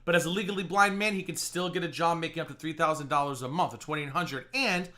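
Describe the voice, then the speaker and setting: A man's voice: a little high, quick pace, sharp tone. A man hosting a live reaction stream, talking in a sarcastic, mocking and exasperated way. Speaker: live-stream commentary host.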